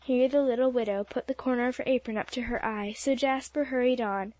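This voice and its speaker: A woman's voice: on the high side, fairly even intonation, fairly quick, darkish tone, no room sound. A woman reading an audiobook aloud as narrator, telling the story steadily. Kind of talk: scripted narration.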